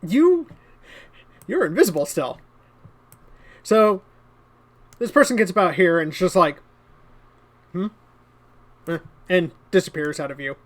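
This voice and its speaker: A game master narrating a tabletop game in a relaxed way, often breaking into laughter. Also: mid-range voice, moderate pace, long pauses.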